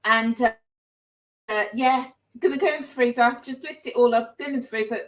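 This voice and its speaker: A woman's voice: a little high, normal speed, a bit bright, poor audio. A woman chatting casually in her home kitchen as she cooks, rambling and repeating phrases for emphasis. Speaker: vlogger. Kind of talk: casual chat while cooking.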